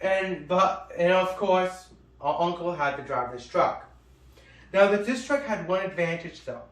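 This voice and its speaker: A man telling funny family stories in casual chat, animated and swearing freely as he acts out the people in them. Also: sits high, a little slow. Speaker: storyteller, co-host. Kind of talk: casual storytelling. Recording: echoey room, mic at a distance.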